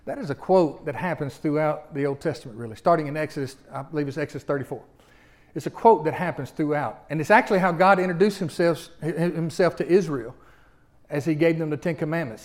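A male preacher giving an animated sermon and often putting questions to his congregation. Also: a little high, a little fast.

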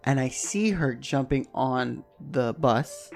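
A man's voice: mid-range voice, slow pace, vocal fry, faint music behind. A man co-hosting a podcast, telling a casual story, swearing freely and laughing as he goes. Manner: lively and laughs often while telling the story. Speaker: podcast co-host.

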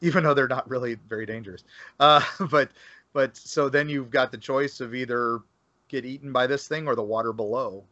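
A man's voice: mid-range voice, steady tone, a little fast, bright, forceful tone, no room sound. Man rambling with fillers, dull dry sound. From Florida. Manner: rambling, many fillers and restarts. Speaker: guest author on folklore. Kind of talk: casual podcast conversation.

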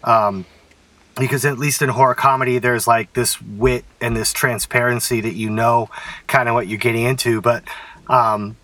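Brief: male podcast co-host, bright tense tone, set back from the mic. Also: mid-range voice, steady tone, moderate pace, no room sound, distant mic. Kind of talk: casual film discussion.

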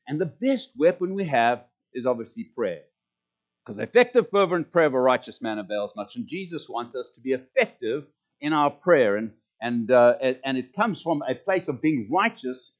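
A man with a South African accent, a pastor preaching a fervent, emphatic sermon to his church. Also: mid-range voice. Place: church service. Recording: dull lo-fi recording.

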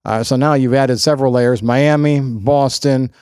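A man's voice: mid-range voice, fairly even intonation, normal speed, a little mellow, smooth, dry recording, studio quality. Male podcast host asking loose questions. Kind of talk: casual interview questions.

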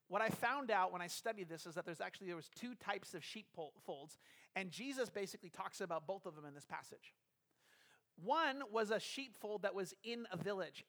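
A man's voice: sits high, fairly bright tone. A man preaching a conversational sermon as a pastor, explaining a scripture passage and putting rhetorical questions to his congregation.

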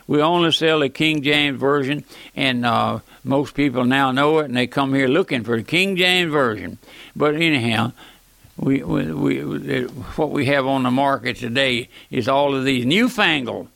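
An older man from the American South preaching a fiery radio sermon, an old-time preacher who keeps saying "my friend" and swings from thundering to quiet. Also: mid-range voice, expressive, measured pace, creaky, no echo.

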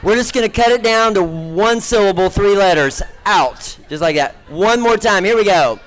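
A gospel magician leads a comic stage act, joking with and coaxing his volunteers and the crowd. His slightly high male voice carries across a large stage before a live audience at normal speed, though the audio is poor.

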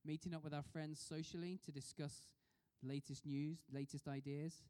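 A man's voice: fairly high pitch, little pitch movement, normal speed, warm tone, clean tone. Man preaching in a reverberant hall. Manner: conversational, asks the congregation questions. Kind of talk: sermon.

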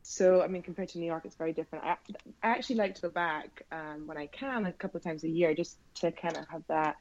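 A woman from the Scottish Highlands, speaking with that accent as an actress guest in a relaxed interview, laughing easily and letting phrases trail off softly. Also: quick pace, dull audio, a little hiss or hum. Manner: easygoing, laughs often, soft trailing phrases. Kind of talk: casual interview chat. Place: remote from a home in New York.

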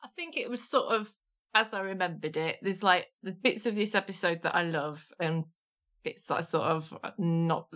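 A woman co-hosts a relaxed podcast in a low voice. She chats agreeably, giving short replies and thoughtful asides. Her tone stays easygoing. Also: moderate pace. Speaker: podcast co-host. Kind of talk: casual podcast chat.

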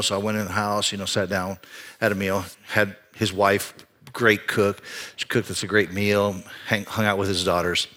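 Animated storytelling male pastor. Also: fairly low pitch, moderate pace. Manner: storytelling, animated, with frequent restarts. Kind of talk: sermon.

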